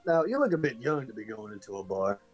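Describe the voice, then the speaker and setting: A hat-tipping frontier stranger with a folksy, watchful way of speaking, as a man voices him in a tabletop game. He calls the younger man son. His voice sits at a middling pitch, with faint music behind him. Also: very animated, fast. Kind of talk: voicing a tabletop game character.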